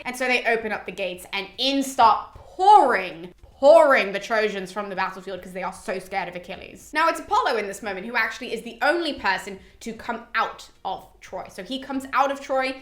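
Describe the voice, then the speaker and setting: A woman's voice: on the high side, fairly bright tone. A young British woman casually retelling a classic poem as a podcast host, chatty and swearing freely. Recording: roomy echo.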